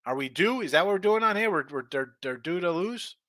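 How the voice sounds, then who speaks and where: Ranting sports betting host, bright voice. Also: male voice, high voice, a little fast, no room sound. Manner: blunt, ranting, animated. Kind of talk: casual live-stream chat reading viewer comments.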